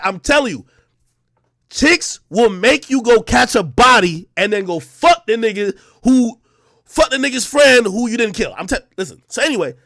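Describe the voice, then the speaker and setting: A man's voice: sits high, fairly bright tone, dry recording, clean studio sound. A man streaming live, telling a story to his chat in casual, profane slang and acting out the dialogue.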